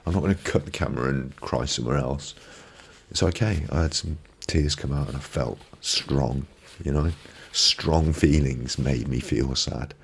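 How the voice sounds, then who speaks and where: A man's voice: rumbling low, normal speed, creaky, breathy edge. A man hosting a live stream, giving a reflective motivational talk on a binaural microphone and repeating phrases for emphasis. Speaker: ASMR live-stream host.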